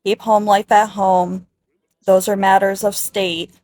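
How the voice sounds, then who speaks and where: A laid-back duke, voiced by a woman, offers calm, casual reassurance. The delivery is unhurried, with a dry close sound. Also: medium pitch, dry recording, lightly acted. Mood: reassuring.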